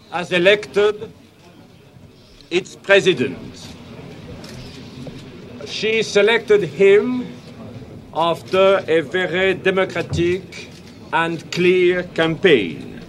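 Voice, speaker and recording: Man reading a speech extremely slowly. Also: high voice. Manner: deliberate, measured delivery. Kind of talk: slow formal reading of a speech.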